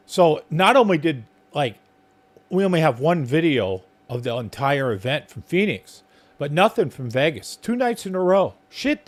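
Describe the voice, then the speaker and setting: This is a man hosting a live stream from outdoors at night, talking in a loose, rambling way, with lots of ums and uhs. His voice sounds a little hoarse, and it sits at an ordinary middle pitch for a man. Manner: rambling, filler-heavy talk. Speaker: podcast host. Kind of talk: casual live-stream chat.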